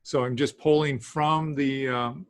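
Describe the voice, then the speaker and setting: A man teaching a beginners' language class, talking haltingly with many fillers and small laughs. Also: medium pitch, steady tone, no echo. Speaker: Greek teacher. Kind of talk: classroom lesson.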